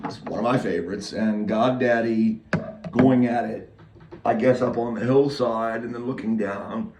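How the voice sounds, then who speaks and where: A man preaching a loose, rambling sermon, moving between quiet, halting prayer and loud, excited retelling. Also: medium pitch, echoey room, far from the mic, noisy background.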